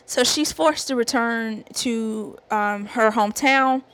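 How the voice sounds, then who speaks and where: A woman's voice: a little high, slow pace, fairly bright tone. A woman with a Southern US accent, chatting casually about TV shows as a host, giggling and rambling. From American South. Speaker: TV review host. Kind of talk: casual chat.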